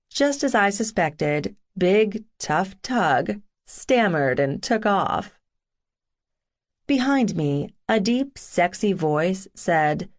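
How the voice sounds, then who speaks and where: A woman's voice: mid-range voice, lively intonation, drawn-out words. A woman narrating a first-person romance audiobook in a sassy, wry tone.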